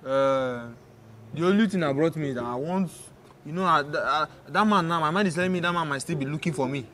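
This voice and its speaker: A man's voice: fairly high pitch, a little fast, fairly bright tone, lightly acted. A man with a Nigerian Pidgin accent playing a shaken police officer who stumbles over his words. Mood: rattled. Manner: hesitant, stumbling. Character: shaken male police officer recounting a beating.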